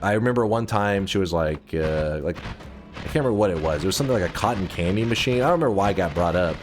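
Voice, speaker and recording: Low-voiced man rambling through a story. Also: animated, fast talker, faint music behind. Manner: rambling, profane, self-interrupting. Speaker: streamer. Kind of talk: casual storytelling while gaming.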